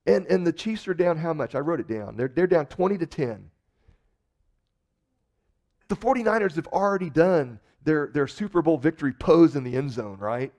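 Speaking at a normal speed in a fairly high-pitched voice, a male pastor turns his sermon into lively, conversational storytelling, acting out each person he describes.

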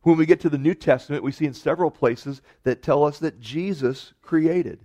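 A man preaching a sermon earnestly, rising to emphatic peaks and dropping to soft, quiet lines. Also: fairly high pitch, moderate pace. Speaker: pastor.

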